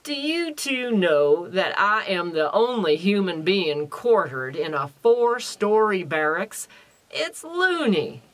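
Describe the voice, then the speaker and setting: A woman's voice: mid-range voice, big pitch swings, slow pace. A woman voicing a wry, grumbling man in a sardonic, complaining tone while reading an audiobook passage aloud. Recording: roomy, muffled recording.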